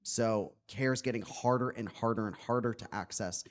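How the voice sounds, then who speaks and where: A man's voice: lowish voice, moderate pace. A man speaking as an author at a public book talk, earnest and reflective, with many "like" fillers.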